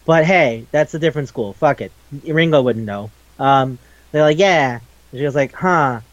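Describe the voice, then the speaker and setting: A man's voice: on the high side, normal speed, no room sound, lo-fi sound. A young man casually recapping an anime episode, swearing often and acting out the characters' lines. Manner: animated, swears a lot, acts out characters' lines. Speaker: podcast co-host.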